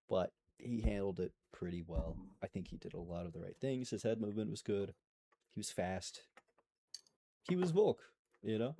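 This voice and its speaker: A man's voice: fairly low pitch, dark tone. Rambling, profane young man recapping fights. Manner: profane, rambling, self-interrupting. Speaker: MMA commentary YouTuber. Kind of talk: casual fight recap monologue.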